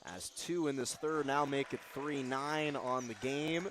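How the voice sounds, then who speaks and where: A man giving live basketball play-by-play, calling plays quickly and shouting on the big moments. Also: medium pitch, noisy background. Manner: rapid calls that rise to shouts on big plays. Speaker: play-by-play announcer.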